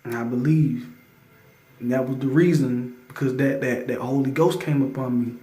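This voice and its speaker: A man telling a spiritual testimony in casual talk, stammering through restarts and breaking into loud scripture readings. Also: medium pitch, steady tone, moderate pace. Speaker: testimony storyteller. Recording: roomy echo.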